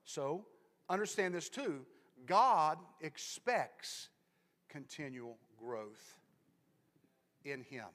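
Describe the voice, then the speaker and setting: A man preaching a sermon in church, repeating himself as he builds from soft talk to loud, fervent preaching and back down. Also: on the high side, very animated, drawn-out words, pauses often. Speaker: pastor. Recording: long hall reverb.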